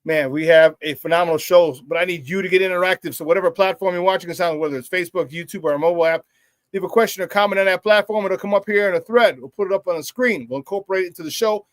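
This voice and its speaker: A man's voice: high voice, very fast, no room sound. A middle-aged man hosting a live morning sports talk show, hyped and boisterous, laughing often as he reads out viewer comments.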